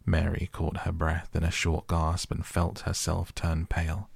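A man narrating a storybook audiobook for sleep in a calm, gentle, measured way. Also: low voice, gravelly, breathy edge, dry recording. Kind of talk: soft bedtime audiobook reading.

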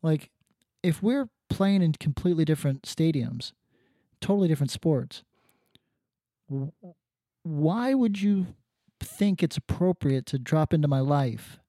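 A man's voice: a little high, expressive, unhurried, long pauses, dark tone, dry recording, studio quality. A man co-hosting a casual podcast, rambling and sardonic, swearing freely. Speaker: podcast co-host.

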